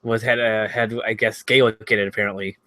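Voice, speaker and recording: A man's voice: fairly low pitch, little pitch movement, brisk, pushed and bright, no room sound. A man from Chicago co-hosting a casual gaming podcast, talking with a cold. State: has a cold. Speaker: podcast co-host. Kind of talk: casual chat.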